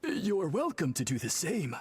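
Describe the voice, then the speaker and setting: A man voicing a polite, formal tribal priest in a video game, courteous and measured. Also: fairly high pitch, huge pitch swings, slightly rough, exaggerated voice. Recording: game audio with faint music.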